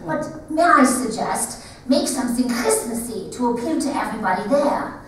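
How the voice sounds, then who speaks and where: A woman in a one-woman stage show voicing a cautious, anxious immigrant father in a lower, scolding tone. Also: expressive, moderate pace, slight background noise, natural voice. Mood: stern. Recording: echoey theater from far off.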